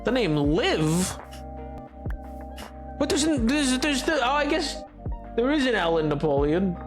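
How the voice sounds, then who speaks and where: Man, high-pitched voice, gaming streamer, casual rambling chat, joking with viewers, soft music underneath. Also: sing-song, takes it slowly.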